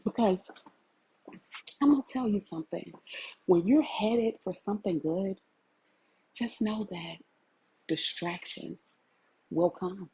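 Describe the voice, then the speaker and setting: A woman's voice: mid-range voice, slow, pauses often, warm tone, slight background noise, poor audio. A woman, giving an impassioned, tearful talk to her livestream viewers. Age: 40s. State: crying. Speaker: vlogger.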